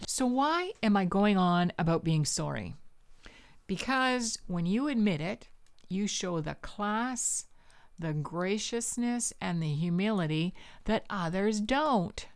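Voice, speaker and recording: A Canadian woman in her fifties hosts a solo podcast, speaking in a punchy, provocative, conversational way. Her medium-pitched voice is expressive, slow and clean, with no echo.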